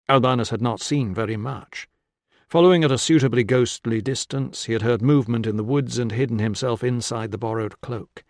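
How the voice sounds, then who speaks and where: A man narrating a historical crime audiobook in a measured storytelling way. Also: mid-range voice, a little mellow, no room sound, clean studio sound. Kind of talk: scripted narration.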